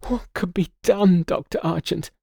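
A man voicing a distraught young noblewoman who pleads in a high, sobbing voice in an audiobook. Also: unhurried, vocal fry, dark tone, breathy edge, no room sound, clean studio sound, heavily acted. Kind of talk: audiobook character voice.

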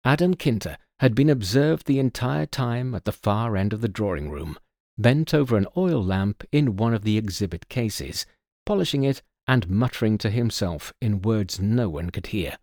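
A man narrating a mystery story in a scripted, expressive storytelling manner. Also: lowish voice, moderate pace, no echo, studio quality.

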